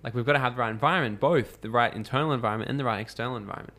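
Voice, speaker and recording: A man, a podcast guest telling lively stories in casual conversation, acting out quotes and swearing freely. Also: medium pitch, rapid-fire. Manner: animated storyteller, acts out quotes, swears freely.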